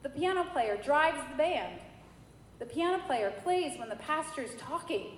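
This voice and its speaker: A woman from New York giving a personal faith testimony, telling her story in a lively way and acting out the dialogue. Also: high voice, measured pace. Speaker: church member giving testimony. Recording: echoey hall with faint noise.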